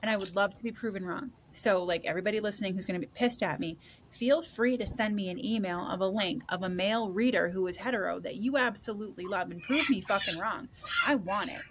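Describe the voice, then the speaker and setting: A blunt woman host who swears freely and laughs easily while talking about her psychic readings. Her pitch sits in the middle, and a faint room noise runs underneath. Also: fast talker, fairly bright tone. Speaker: podcast host and psychic reader. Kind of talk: casual chat.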